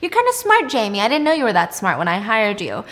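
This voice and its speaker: A woman voicing a creepy, scheming male crime boss who talks loudly and gloats. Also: medium pitch, quick pace. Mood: gloating. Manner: loud, gloating, excited.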